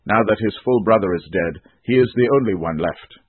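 A grieving, white-haired old father speaks mournfully and protectively, as a man reads him. The voice is husky and low. It comes through tinny and phone-like, with no room echo. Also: a little fast. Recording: tinny phone-like dry recording.

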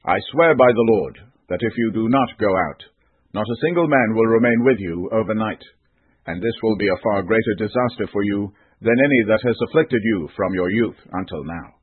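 A man's voice: lowish voice, animated, moderate pace, slightly rough, no room sound, narrow, tinny audio. A man voicing a stern army commander rebuking his king, in a Bible reading.

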